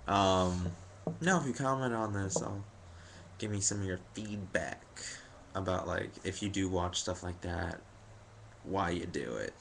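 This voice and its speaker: Speaking a little slowly in a low, gravelly voice with a bit of brightness, a young vlogger describes his day to camera. He rambles and jokes, with plenty of fillers and self-deprecating asides, over a faint hiss or hum.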